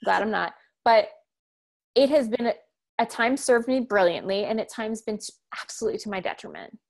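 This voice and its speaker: A woman's voice: on the high side, normal speed, gravelly. A woman in her thirties, a communication coach, talking emphatically and animatedly in an interview. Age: 30s. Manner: emphatic, animated storytelling with acted-out quotes. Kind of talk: interview conversation.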